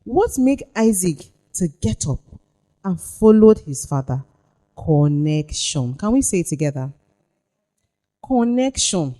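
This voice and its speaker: A woman's voice: fairly low pitch, very animated, slow pace, warm tone. A woman leading a parenting workshop, reading scripture aloud and pressing the audience with questions. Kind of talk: workshop teaching with Bible reading.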